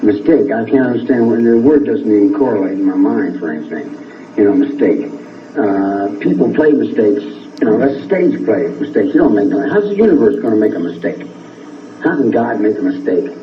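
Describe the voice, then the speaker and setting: A man giving long, rambling interview answers that swing from a low drawl to heated outbursts. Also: sing-song, moderate pace, a little hiss or hum. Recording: archival phone-like TV audio, echoey, distant.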